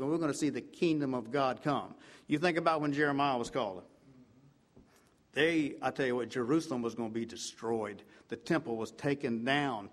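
This is a man delivering a fervent sermon, returning again and again to "I tell you what" and shifting from booming emphasis to quiet, hushed stretches.

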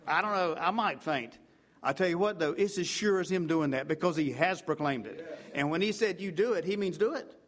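A man preaching a fervent sermon in a fairly high voice. He leans on repeated asides and builds to loud, emphatic peaks, then drops to low, hushed passages. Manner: fervent, repetitive preaching with "I tell you what" asides.

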